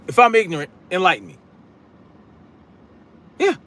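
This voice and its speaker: A man's voice: high voice, unhurried, long pauses, pushed and bright. Blunt, combative man on a live stream. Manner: blunt, combative, projects his voice; casual slang, repeats catchphrases. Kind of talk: political commentary live stream, reading chat.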